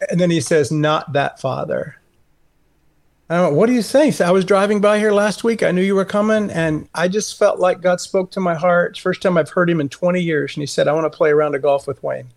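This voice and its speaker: High-voiced earnest male storyteller. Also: fast, hardly any pauses. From California. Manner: earnest, animated storyteller who acts out quoted dialogue. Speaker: guest, Christian author. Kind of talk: storytelling in a conversational interview.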